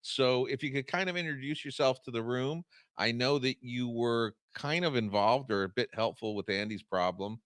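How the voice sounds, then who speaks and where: A man's voice: medium pitch, normal speed, fairly bright tone, smooth, no echo. A male co-host introducing a guest and rallying listeners, earnest and a bit hesitant with restarts. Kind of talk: casual chat, introducing guests.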